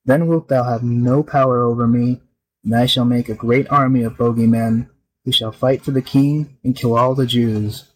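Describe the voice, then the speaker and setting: Storybook golem, surly and menacing, low and flat, as a male narrator puts it on. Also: normal speed, close to an everyday voice, low-quality recording.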